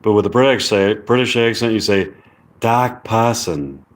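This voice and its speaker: A man on a casual live stream, reading viewer comments aloud in a halting way. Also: on the low side, fairly even intonation.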